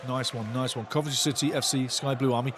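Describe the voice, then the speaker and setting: A man hosting a live football watch-along, commentating excitedly, shouting at big moments and reading viewer comments aloud, often repeating his phrases. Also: medium pitch, fast talker, a little hiss or hum.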